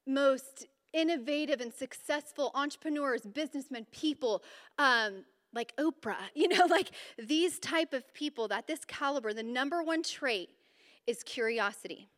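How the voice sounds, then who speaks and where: Bright, high-voiced woman preaching in a reverberant hall. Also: measured pace. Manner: animated and energetic, with sudden bursts of emphasis; informal and chatty, with fillers and restarts. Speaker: women's Bible study speaker. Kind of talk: conversational sermon.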